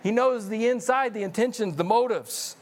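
High-voiced, animated male pastor. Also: moderate pace. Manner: animated, joking, repeats words when excited. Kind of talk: sermon.

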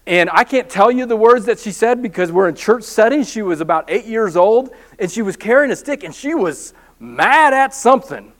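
High-voiced male pastor telling stories. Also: normal speed, hardly any pauses. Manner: storytelling, animated, self-deprecating humor. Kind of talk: sermon.

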